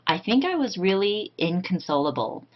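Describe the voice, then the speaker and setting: Low-voiced woman crafting tutor. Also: big pitch swings, normal speed, muffled recording. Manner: reflective, many ums, soft-spoken. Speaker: card-making tutorial host.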